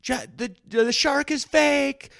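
A shrill, high-pitched older heckler, as a male comedian puts one on, indignant and insistent, shouting out corrections. The voice jumps well above his usual pitch and keeps the same dry, close sound. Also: slow, no room sound, heavily acted.

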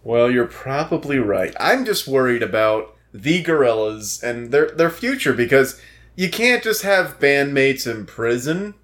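A man's voice: medium pitch, expressive, measured pace, a bit bright. A man co-hosting a comedy podcast, reading an article aloud in a spotty, exaggerated British accent, with dry jokes. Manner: reads in an exaggerated intermittent British put-on accent. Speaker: podcast co-host.

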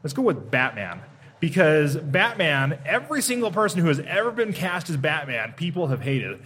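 A man's voice: a little high, very animated, normal speed, a bit bright, breathy edge. A man co-hosting a podcast live at a comic convention, steering the chat with stammering restarts. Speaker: podcast co-host.

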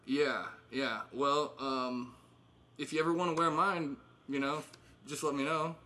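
A man's voice: medium pitch, fairly even intonation, unhurried, bright, forceful tone. A man in his thirties casually catching up with old friends, rambling with fillers and laughing often. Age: 30s. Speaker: host.

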